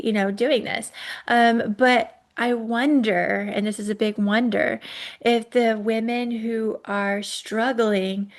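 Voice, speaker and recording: A woman hosting a casual herbal podcast, chatty and hedging, with frequent ums and self-corrections. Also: mid-range voice. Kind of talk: casual solo podcast talk.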